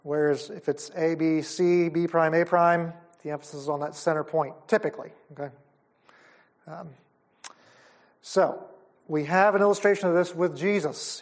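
A man teaching at a Bible conference, enthusiastic and explaining things step by step. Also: high voice. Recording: audio of a live talk.

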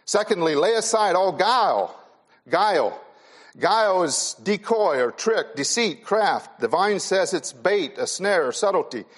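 Earnest preacher man, fairly high voice. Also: animated, measured pace. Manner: earnest, repeats key phrases for emphasis. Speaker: pastor. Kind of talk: sermon to a youth conference.

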